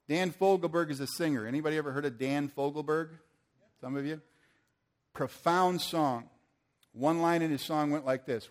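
A man's voice: a little high, normal speed. An older man preaching a sermon to a church audience, earnest and asking the room questions.

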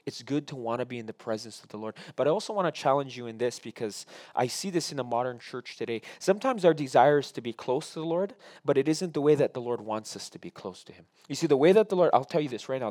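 A man preaching a sermon as pastor, swinging between loud emphatic lines and quiet, drawn-out asides. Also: medium pitch.

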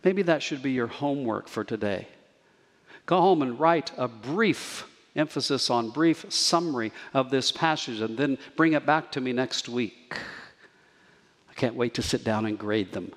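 A man preaching a sermon as pastor, measured and earnest, slowing down to stress key words. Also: medium pitch, fairly bright tone, long reverb tail. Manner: measured, earnest preaching with slow emphatic pauses.

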